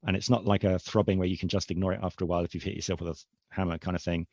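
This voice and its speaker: A man's voice: sits low, flat delivery, racing, vocal fry, darkish tone, no echo, dull audio. A man hosting a casual online roundtable, chatty and enthusiastic, laughing easily as he talks. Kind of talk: casual online group chat.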